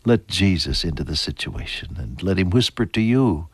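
A man with a fairly low voice delivers a heartfelt sermon. His delivery climbs sharply on emphatic phrases, then falls back soft and tender. The sound is close and dry. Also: expressive, moderate pace, few pauses, slightly rough, no echo. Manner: earnest, swells high on emphasis then drops soft. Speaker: preacher.

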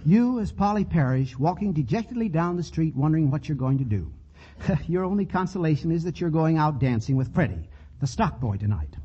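Man, radio host, 1940s, genial showman, husky, dull broadcast sound. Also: on the high side, expressive, fairly quick, dark tone.

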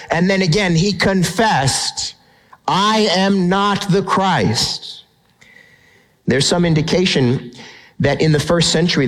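A middle-aged male pastor preaching with an expressive delivery, his voice sitting a little higher than most men's. He dramatizes the questions and answers in the text he explains. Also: low-quality recording. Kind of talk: sermon.

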